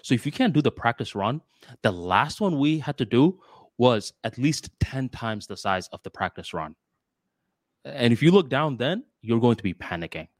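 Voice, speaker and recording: A man co-hosting a casual podcast, telling a story in an animated way. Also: mid-range voice, normal speed, no room sound, studio quality. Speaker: podcast co-host.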